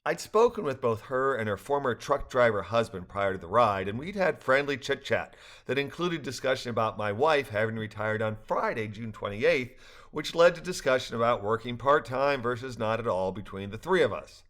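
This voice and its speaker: An older man reads his own story aloud in an earnest, reflective way. His voice sits at an ordinary middle pitch, and soft laughs slip in now and then. He sounds sincere and thoughtful. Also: expressive, normal speed. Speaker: narrator. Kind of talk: reading a personal story aloud.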